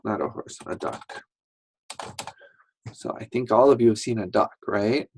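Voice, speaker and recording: A man teaching a slow English lesson to young learners, patient and repetitive, acting out sounds as he explains. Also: lowish voice, darkish tone, slight background noise. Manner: patient, repeats words, acts out sounds.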